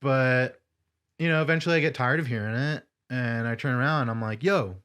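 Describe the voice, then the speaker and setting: A man's voice: medium pitch, fairly quick, fairly bright tone, smooth. Profane young man telling a story. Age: young adult. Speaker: podcast co-host. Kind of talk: casual chat.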